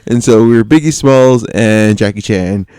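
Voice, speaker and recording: A young man co-hosting a podcast, telling a personal story in a casual, animated way and laughing often as he acts out what people said. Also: lowish voice, moderate pace, clean tone, no echo, studio quality. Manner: animated, laughing often, acting out quoted lines. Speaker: podcast co-host.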